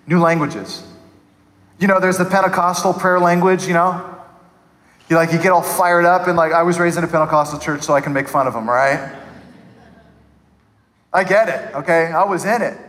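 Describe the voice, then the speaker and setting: A man preaching a sermon to his church, animated and conversational, acting out people's voices to poke fun. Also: on the high side, normal speed, pauses often, big-room sound, rough recording. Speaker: pastor.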